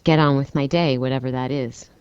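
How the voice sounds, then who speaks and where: A woman's voice: rumbling low, steady tone, fairly quick, a little mellow, smooth. A woman being interviewed, answering casually and laughing often. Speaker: interviewee, recording artist. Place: hotel room. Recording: dull lo-fi dry radio tape.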